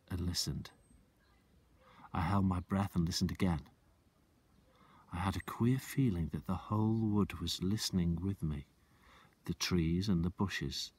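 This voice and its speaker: A male teacher reading a children's book aloud, expressive and slowing down for suspense. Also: sits low, slightly rough.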